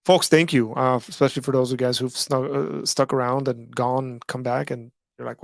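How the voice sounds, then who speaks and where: Male stream host, gravelly and hoarse, dry close sound, rambling casual delivery. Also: medium pitch, steady tone, fairly quick, no room sound. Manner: rambling, filler-heavy, frequent "like" and "right?". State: losing his voice after hours of streaming. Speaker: host of a live call-in stream. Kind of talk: casual livestream talk.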